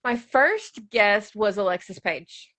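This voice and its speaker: A woman in her thirties hosting a podcast in a casual chat, quick and chatty and laughing often. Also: mid-range voice, expressive, sharp tone, dry recording. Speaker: podcast host.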